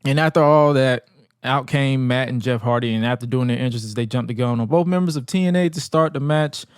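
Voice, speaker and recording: A man's voice: mid-range voice, brisk, clean tone, no echo. Male co-host, laid-back slangy storyteller who laughs a lot; dry, close mic. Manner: animated, acts out quotes in exaggerated voices; laughs often, casual slang. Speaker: podcast co-host. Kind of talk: casual wrestling recap.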